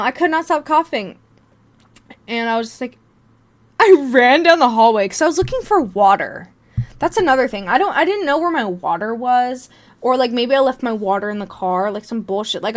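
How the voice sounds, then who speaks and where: A young woman host telling a story in a casual, profane and self-mocking way. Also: fairly high pitch. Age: young adult. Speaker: vlog host.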